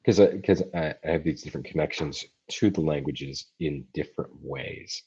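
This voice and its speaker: Very deep-voiced man answering viewer questions. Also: dark tone, husky, muffled recording. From United States. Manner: thoughtful, halting, many fillers and restarts. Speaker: language-learning channel host. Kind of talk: livestream Q&A chat. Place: home, streaming live. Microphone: computer mic for a livestream.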